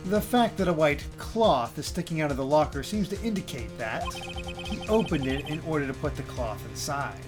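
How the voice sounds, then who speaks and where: A cold, precise male prosecutor, read by a woman in a very low voice with lively swings of pitch. Game music plays clearly behind. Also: moderate pace.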